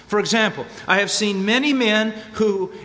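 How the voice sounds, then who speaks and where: A man's voice: sits high, normal speed, sharp tone. An American man preaching a sermon with emphatic repetition and a varying pace. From United States. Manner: emphatic, varies pace, repeats for stress. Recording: long hall reverb.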